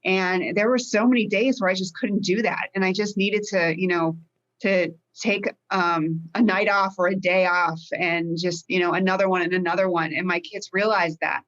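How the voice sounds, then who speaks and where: A woman's voice: on the low side, fairly even intonation, normal speed, a bit bright, dull audio. A woman life coach, a guest in a podcast interview, telling her story in an open, heartfelt way. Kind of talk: conversational interview.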